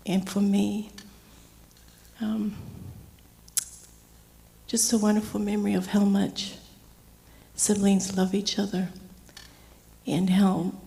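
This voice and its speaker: A middle-aged woman speaking gently and slowly as she shares a heartfelt memorial tribute for her uncle. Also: medium pitch, vocal fry. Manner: gentle, slow and heartfelt storytelling. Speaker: niece giving a eulogy. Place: memorial service hall. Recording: long hall reverb.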